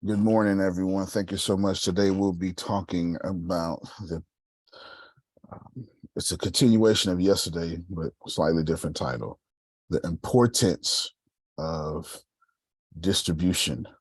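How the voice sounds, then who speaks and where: Man, Texas, motivational call host, preachy, emphatic, deep, slow, husky. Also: steady tone, no room sound. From Galveston, Texas. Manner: preachy, builds to emphatic exhortations. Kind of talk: motivational talk on a group call.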